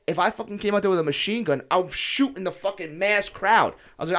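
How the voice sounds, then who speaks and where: A man's voice: high voice, quick pace, few pauses, fairly bright tone. A young man telling a story in casual podcast chat, heated and profane, swearing constantly as he talks.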